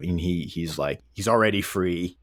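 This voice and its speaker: A man's voice: low-pitched, moderate pace. A man co-hosting a podcast, talking casually and wryly about a movie and laughing often. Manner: wry, animated, laughs often. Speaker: podcast co-host. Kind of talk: casual film discussion.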